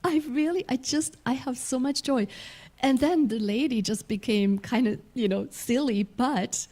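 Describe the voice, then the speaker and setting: Woman minister, mellow voice. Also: high voice, unhurried. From Germany. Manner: warm, laughing storyteller with many restarts. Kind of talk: sermon with personal story.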